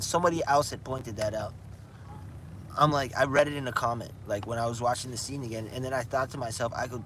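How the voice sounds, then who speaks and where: A man's voice: medium pitch, fast, a bit bright, slight background noise. Rambling, chatty man outdoors. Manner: chatty, says "dude" a lot, rambling. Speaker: gaming livestreamer. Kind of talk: casual livestream chat.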